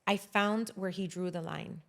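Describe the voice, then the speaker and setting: A woman in her thirties, a guest on a podcast, tells stories animatedly, swearing casually and slipping Spanish words into her English. Her voice sits on the low side and sounds gravelly, and she takes her time.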